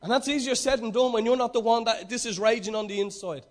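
A man's voice: very high voice, steady tone, quick pace. A man preaching a sermon, emphatic and repeating his key phrases.

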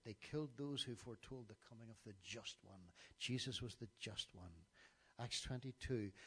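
A man's voice: lowish voice, pushed and bright, slightly rough. A middle-aged man preaching a sermon, reciting scripture passages with emphasis and now and then stumbling over his words.

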